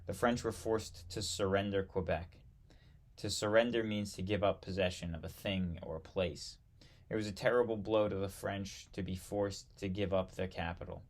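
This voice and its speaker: A man reading aloud from an old history textbook, halting now and then to correct himself and add brief asides. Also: on the low side. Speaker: history reader.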